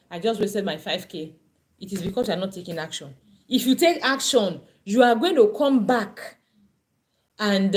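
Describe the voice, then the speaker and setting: A woman leads a parenting class. She talks earnestly and pleads with her listeners, repeating her points. Her voice sits at a middle pitch. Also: slight background noise. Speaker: parenting course teacher. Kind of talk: online class talk.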